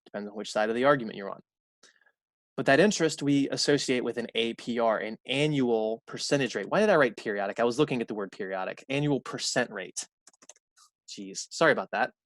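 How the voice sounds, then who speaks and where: A male college math instructor gives a recorded lecture in a mid-pitched voice. He talks conversationally, repeats key points and corrects his own slips out loud. The room sound is close and dry. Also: dry recording.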